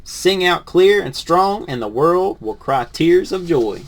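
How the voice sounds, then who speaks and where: Gentle storybook grandma, encouraging, slow sing-song delivery, a man reading her lines. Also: fairly high pitch, expressive, a little hiss or hum, voice pushed up. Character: kind, encouraging grandmother giving advice.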